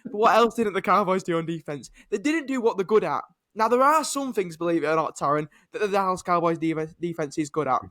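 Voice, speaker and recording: British man, high voice, podcast co-host, animated ranting, casual sports chat. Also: a little fast. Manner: animated, ranting, swears and laughs.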